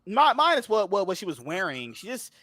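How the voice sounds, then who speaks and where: A man's voice: sits high, sing-song, brisk, bright, forceful tone, no room sound, studio quality. A man co-hosting a casual esports podcast, joking and teasing in banter. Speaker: podcast co-host.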